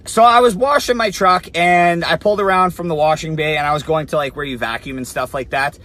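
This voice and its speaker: A man's voice: on the high side, a little fast, pushed and bright. A young man telling a story to camera in a casual, blunt way, swearing a lot and saying "like" often. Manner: blunt, heavy swearing, lots of "like". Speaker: fitness influencer.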